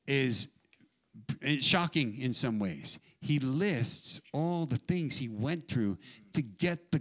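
A man preaching a sermon, his voice sitting at a middle pitch. He reads scripture with rising, emphatic force. Then he slips into relaxed, joking explanation and quieter asides. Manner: mixes scripture reading with casual, joking explanation. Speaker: pastor.

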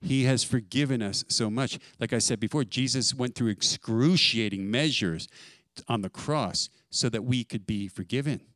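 A man preaching a sermon as pastor, emphatic and building to loud stresses on key words. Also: mid-range voice, moderate pace, no echo.

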